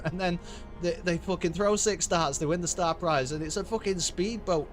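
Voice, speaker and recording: A man's voice: sits high, moderate pace, faint music behind. A British man streaming a game, chatting in a casual, sweary and wry way while he laughs along. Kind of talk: casual gameplay commentary.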